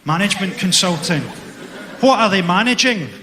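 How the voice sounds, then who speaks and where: A man's voice: sits high, lively intonation, moderate pace, noisy background. A man doing stand-up crowd work in a comedy club, roasting the front row with sardonic insults. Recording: echoey club hall, roaring crowd laughter. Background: crowd laughter.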